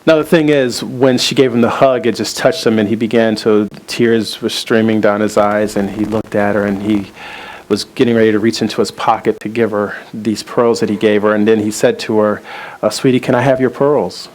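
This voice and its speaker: A male pastor preaching a sermon. He tells a story, links clauses with repeated "and", and slows down for emphasis. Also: lowish voice, flat delivery, darkish tone, low-quality recording.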